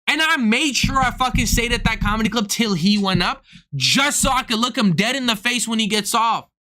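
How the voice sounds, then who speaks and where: A man's voice: very high-pitched, lively intonation, fairly quick, pushed and bright. A young man, a comedian, in a casual, profane, heated rant to his stream viewers. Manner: profane, heated, swings into act-outs. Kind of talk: casual ranting monologue.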